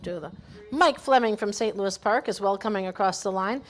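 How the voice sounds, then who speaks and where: A woman's voice: medium pitch, normal speed. A woman from Minnesota announcing skiers at a race finish line, calling each name and hometown with brief praise. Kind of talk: live race-call announcing.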